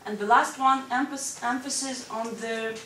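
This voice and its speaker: A woman's voice: on the high side, fairly even intonation, normal speed, bright, forceful tone. A woman teaching an English grammar lesson to a class, explaining step by step and checking in with "right?". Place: school classroom. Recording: echoey classroom from far off with background noise.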